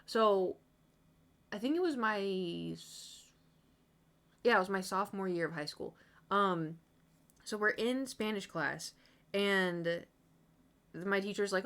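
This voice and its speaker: A woman's voice: mid-range voice, moderate pace, fairly bright tone. A young woman streamer from the United States chatting casually, telling a long rambling story with many asides to her chat.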